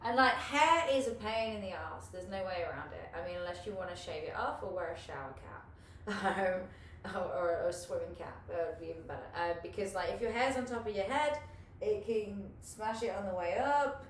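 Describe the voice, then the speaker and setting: Teaching a live online hula hoop class from a room at home, a woman with a medium-pitched voice speaks briskly. Chatty and encouraging, she swears casually and laughs a lot, and the audio is echoey and distant from the mic with faint hiss.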